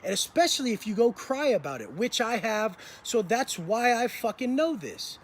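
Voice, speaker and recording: A man with a notably high voice tells his story in a blunt, intense monologue, swearing freely as he drives his points home. He speaks as a motivational speaker, and a faint hiss sits behind him. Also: sing-song, moderate pace.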